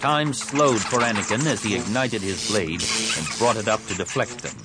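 A man's voice: on the low side, normal speed, loud music behind the voice. A man reading a science fiction audiobook in dramatic narration. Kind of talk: scripted narration.

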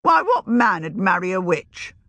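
A woman voicing a shrewd, earthy old village witch who talks in a rustic, old-fashioned country way, her pitch raised and wavering. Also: big pitch swings, a little slow, pushed and bright, dry recording, exaggerated voice. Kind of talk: audiobook reading.

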